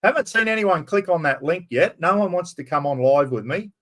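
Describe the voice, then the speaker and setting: Australian male streamer, slightly high voice, loud, rambling and salty-mouthed, casual live chat. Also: lively intonation, fairly quick. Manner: loud, rambling, swears freely.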